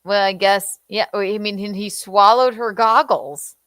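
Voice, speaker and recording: A woman's voice: mid-range voice, fairly even intonation, measured pace, a bit bright, no echo. A young adult woman co-hosting a casual chat, teasing and swearing freely. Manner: teasing and profane, acting out quoted voices. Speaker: podcast co-host.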